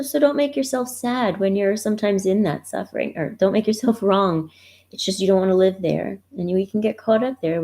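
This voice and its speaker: A woman coach with a soft, mellow, darker voice speaks gently over a live stream. She is reassuring and keeps asking her viewers questions as she walks them through her resources. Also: medium pitch. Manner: gentle, reassuring, often asks the listener questions. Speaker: grief and relationship coach. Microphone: computer mic, browser livestream.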